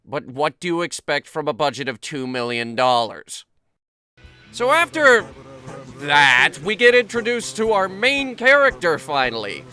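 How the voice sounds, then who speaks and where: A man narrates a comedic movie review with a biting, sarcastic edge and plenty of profanity. His voice is high for a man and bright and sharp in tone. Faint background music runs under him. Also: very animated, a little slow, dry recording.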